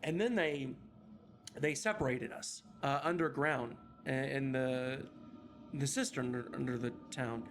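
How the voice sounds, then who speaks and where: A man voicing a haunted returned captive who says "we" and talks in halting, broken phrases. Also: mid-range voice, natural voice. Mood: dazed. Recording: background noise.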